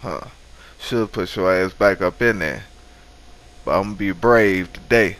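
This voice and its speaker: A man's voice: low-pitched, unhurried, fairly bright tone. A man commentating his own video game run, swearing and trash-talking the enemies on screen. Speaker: gamer. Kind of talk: profane let's-play commentary.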